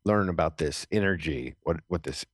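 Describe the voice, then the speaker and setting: A man's voice: rumbling low, moderate pace, husky, no echo, studio quality. A middle-aged man, a military veteran, telling his story as a podcast guest in an earnest, rambling way with many fillers and restarts. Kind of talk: casual storytelling interview. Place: Los Angeles.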